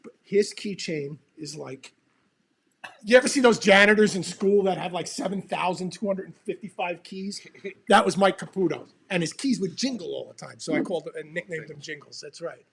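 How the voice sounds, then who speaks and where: A man co-hosting a casual livestream chat, loud and laughing, swearing often. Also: high voice, normal speed, gravelly, a little hiss or hum. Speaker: podcast co-host.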